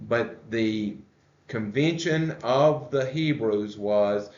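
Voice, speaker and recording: A man teaches a church Bible study at a slow, deliberate pace. He stops often to ask the group questions. The recording sounds roomy and a little muffled. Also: lowish voice. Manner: unhurried, explains and asks the group questions. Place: church room. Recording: echoey room, dull lo-fi sound.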